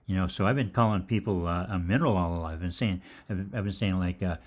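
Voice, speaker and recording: A man's voice: low voice, quick pace, few pauses. An older man hosting a live health Q&A, telling rambling, jokey anecdotes with casual swearing.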